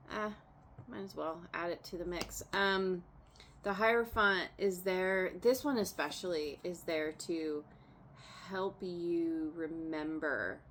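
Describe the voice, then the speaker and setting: A woman with a lowish voice gives a relaxed, unhurried tarot reading. She chats loosely, laughs now and then and circles back over her words. A faint hum of background sound sits under her voice. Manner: chatty, laughs often, trails off and restarts. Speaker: tarot reader.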